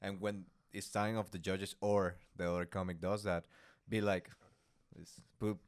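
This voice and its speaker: Deep-voiced man, halting speech. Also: flat delivery, no echo, studio quality. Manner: halting, with frequent restarts. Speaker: podcast co-host and comedian. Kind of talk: casual podcast chat.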